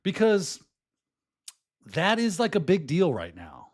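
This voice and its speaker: A middle-aged man hosting a podcast in casual chat, hoarse and losing his voice, rambling and slipping into put-on accents. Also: sits high, wildly swooping pitch, takes it slowly. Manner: chatty and rambling, often breaking into put-on accents. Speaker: podcast host.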